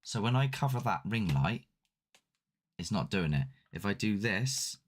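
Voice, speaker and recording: A man's voice: lowish voice, big pitch swings, unhurried, slight background noise. A man hosting a paranormal channel, chatting casually and a bit ramblingly with his live-stream viewers. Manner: chatty, rambling, self-deprecating. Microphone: desk mic with ring light.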